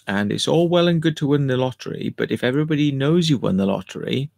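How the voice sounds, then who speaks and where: A man's voice: medium pitch, expressive, fast, gravelly, a little mellow, no room sound. A man chatting casually on a home livestream, rambling and cheeky as he answers viewer comments and swears now and then.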